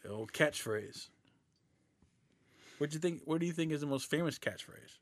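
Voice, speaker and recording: A man's voice: a little high, animated, moderate pace, no room sound. A man co-hosting a podcast, chatting casually, joking, swearing and groping for words. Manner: gravelly, swears, jokey, gropes for words. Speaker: podcast co-host. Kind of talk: casual chat.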